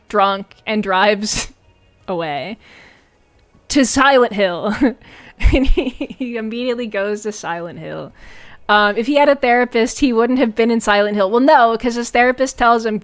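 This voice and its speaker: A woman's voice: fairly high pitch, normal speed. Sarcastic, giggly woman streamer. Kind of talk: casual stream commentary recapping a film.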